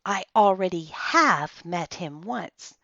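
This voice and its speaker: A woman doing a hushed, whispering small boy. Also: on the low side, animated, takes it slowly, no echo, muffled recording, heavily acted.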